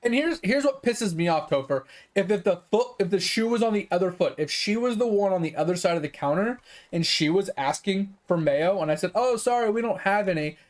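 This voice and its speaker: A man with a fairly high voice rants on in loose, casual talk. He is a game streamer, worked up and exasperated. He swears freely as he argues his point. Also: expressive, fairly quick. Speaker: gaming streamer. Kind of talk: casual chat.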